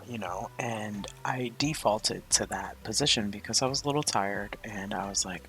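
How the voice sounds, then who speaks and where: A woman's voice: a bass voice, lively intonation, measured pace, few pauses, soft background music. A woman hosting a spiritual coaching podcast, talking in a candid, chatty, confessional way. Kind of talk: casual spiritual podcast monologue.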